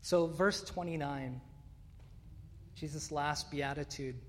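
A man's voice: fairly high pitch, takes it slowly. A man preaching a sermon, earnest and emphatic, often restarting phrases with fillers. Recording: long hall reverb.

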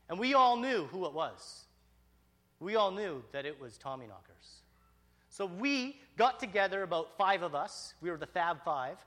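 A man telling a personal story in an animated, excitable way, with frequent restarts. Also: high-pitched, moderate pace.

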